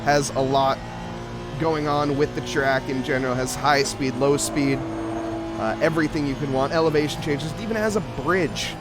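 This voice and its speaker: This is a man calling a sim race live from a home streaming setup, breezy and self-mocking, quick to laugh at his own slips. His voice sits a little on the high side. Music plays clearly in the background under him. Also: steady tone. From English-speaking. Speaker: sim racing commentator. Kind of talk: live esports race commentary.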